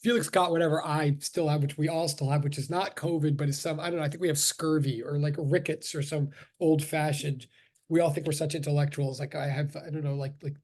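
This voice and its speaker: Middle-aged male physics teacher from Brooklyn, high husky voice, rambling sarcastic asides, video call audio. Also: a little mellow. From Brooklyn, New York. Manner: rambling, joking, self-interrupting, sarcastic. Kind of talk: casual class introduction on a video call.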